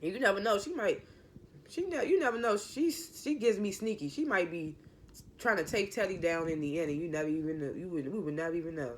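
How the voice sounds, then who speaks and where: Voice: medium pitch, fairly quick, slight background noise. A TV show reviewer giving a casual recap in an opinionated, rambling way, often correcting themself mid-sentence.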